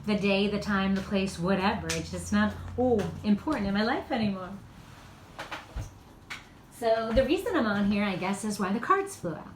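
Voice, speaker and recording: A woman's voice: mid-range voice, lively intonation, normal speed. A woman giving a casual, rambling tarot card reading in a loose, spiritual way. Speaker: tarot reader. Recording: echoey room with faint background noise.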